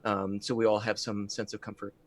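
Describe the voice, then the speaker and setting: A man's voice: on the low side, flat delivery, a little fast. A man playing a tabletop role-playing game, rambling and restarting as he describes scenes. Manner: rambling, many restarts and fillers. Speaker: player. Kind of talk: casual tabletop play.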